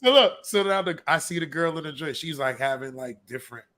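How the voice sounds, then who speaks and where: A man's voice: on the high side, fairly quick. A man co-hosting a casual podcast chat, telling stories animatedly and acting out what people said. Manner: animated storytelling with acted-out quotes. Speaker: podcast co-host.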